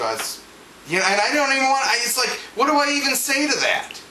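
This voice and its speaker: A man's voice: extremely high pitch, animated, quick pace, bright, forceful tone. A man ranting through a casual anecdote, profane and laughing as he talks. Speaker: storyteller. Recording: echoey room with background noise.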